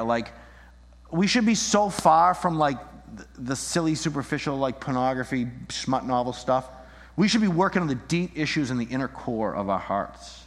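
A man preaching a sermon, animated, acting out little scenes and shifting his voice as he argues. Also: on the high side, normal speed. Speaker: pastor. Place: church. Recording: long reverb in a hall.

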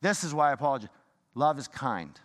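A man preaching a sermon in a fired-up, rambling way, swinging from loud bursts to hushed talk. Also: medium pitch, expressive, brisk. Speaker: pastor. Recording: long hall reverb.

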